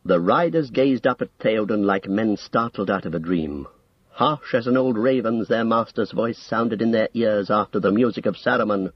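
A man narrating an audiobook in a steady, even storytelling delivery. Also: fairly low pitch, moderate pace, slightly rough, no echo. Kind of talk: scripted narration. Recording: dull lo-fi audio, dry.

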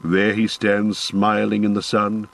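A man voicing a proud, sorrowful dwarf warrior in an audiobook, speaking slower and heavier than his narration. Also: fairly low pitch, completely flat delivery, vocal fry, low-quality recording. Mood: grim. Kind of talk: audiobook character voice.

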